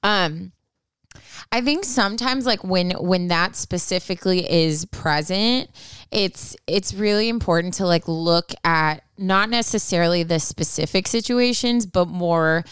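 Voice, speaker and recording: A woman's voice: lowish voice, measured pace, a bit bright, smooth, no echo, clean studio sound. A woman co-hosting a casual advice podcast, talking in a chatty, reassuring way with many fillers. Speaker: podcast co-host giving advice.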